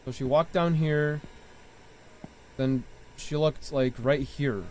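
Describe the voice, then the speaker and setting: A young man commentating live gameplay to viewers, reacting loudly and yelling when startled. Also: a little high, slow, slight background noise. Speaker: gaming streamer. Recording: faint music behind voice.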